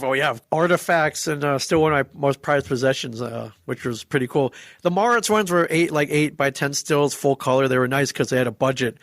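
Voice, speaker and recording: Lively storytelling man in his forties. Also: medium pitch, no echo, clean studio sound. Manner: animated, acts out quoted dialogue. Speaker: podcast guest. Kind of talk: casual storytelling.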